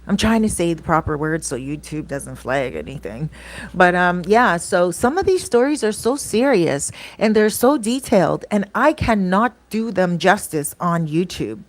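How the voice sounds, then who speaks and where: A woman's voice: fairly low pitch, expressive, normal speed. A woman vlogger telling stories in a casual chat, rambling with lots of fillers and acting out what people said. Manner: chatty, rambling, acts out quoted dialogue; frequent fillers like um and you know. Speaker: vlogger and channel host.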